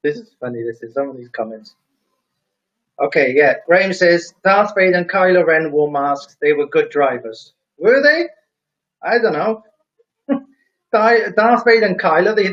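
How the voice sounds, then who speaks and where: A man's voice: sits high, lively intonation, moderate pace, a bit bright, dull audio. A man hosting a casual live stream, reading viewer comments aloud and joking about them with a chuckle.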